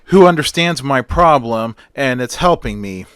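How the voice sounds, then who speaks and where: A man's voice: mid-range voice, lively intonation, unhurried, fairly bright tone, smooth, no echo. A man voicing a young woman college student, defensive and plain-spoken.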